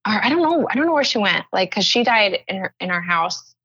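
A woman's voice: medium pitch, big pitch swings, a little fast, fairly bright tone, husky, dry recording. A woman co-hosting a podcast in casual chat, rambling and filling her talk with "like". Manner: rambling, leans heavily on "like". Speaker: podcast co-host. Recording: dull, lo-fi sound.

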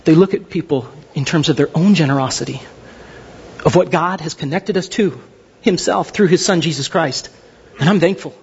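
A man's voice: on the high side, moderate pace, slightly rough, dull audio. A man preaching a sermon as pastor, emphatic and full of rhetorical questions.

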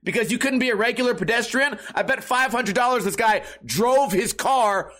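A man's voice: extremely high pitch, moderate pace, pushed and bright. Rambling, profane young man talking casually. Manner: rambling, profane, sarcastic storytelling. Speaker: podcast host. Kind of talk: casual monologue.

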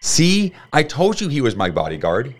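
A man voicing a spunky young girl who owns a rooster, speaking in a higher, bossy voice. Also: huge pitch swings, moderate pace. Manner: bold, bossy, higher girlish voice.

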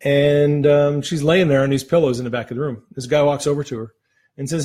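A man's voice: fairly high pitch, steady tone, brisk, mellow. A man hosting a faith talk show, speaking earnestly and conversationally as he retells a healing story. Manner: earnest, conversational, retells stories with quoted voices. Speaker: ministry host.

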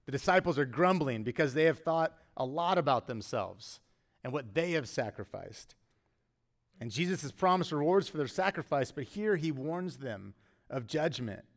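Preaching a sermon in a medium-pitched voice, a middle-aged pastor sounds earnest and conversational. He alternates between emphatic rises and quiet drops.

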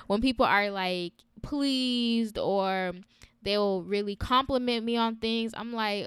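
A young woman hosting a faith-based podcast, speaking in a candid, chatty manner full of fillers and small laughs. Her voice sits a little high and sounds very smooth and clear. The recording is close and completely dry. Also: slow, dry recording. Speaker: podcast host.

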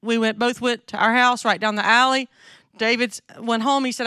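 A woman's voice: on the high side, steady tone, normal speed, pushed and bright, clean tone, no echo, clean studio sound. A middle-aged woman from the American South with a Southern accent, giving a chatty, candid sermon to a women's gathering and often checking in with her listeners. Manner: chatty, candid, asks the audience questions. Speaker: women's ministry speaker. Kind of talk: conversational sermon.

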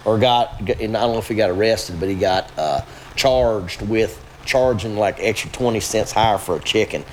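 A man's voice: on the low side, moderate pace, a little hiss or hum. A man with a Kentucky accent, a guest telling rambling, folksy stories in a casual interview. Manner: rambling, folksy storytelling with many fillers. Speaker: guest, yeast scientist.

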